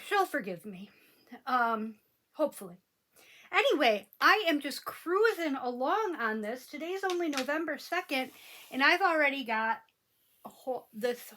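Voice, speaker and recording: A woman's voice: high voice, fairly bright tone. A woman hosting a crafting channel, chatting casually and rambling with many ums while she works.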